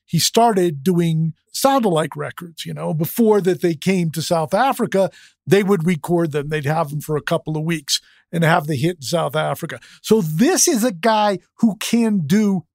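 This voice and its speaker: A man's voice: fairly high pitch, normal speed, darkish tone, no room sound, clean studio sound. Emphatic man hosting an interview. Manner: emphatic, explains at length before asking. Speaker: podcast host, interviewer. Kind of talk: podcast interview.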